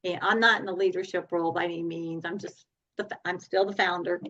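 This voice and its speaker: Woman coach as podcast guest, animated storyteller; dull remote-call sound. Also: fairly low pitch, fairly quick. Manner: animated, laughs often while telling stories.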